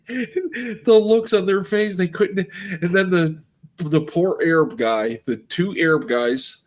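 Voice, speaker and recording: A man's voice: high-pitched, slow. A man hosting a casual stream, telling a long funny story and laughing often. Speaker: streamer host.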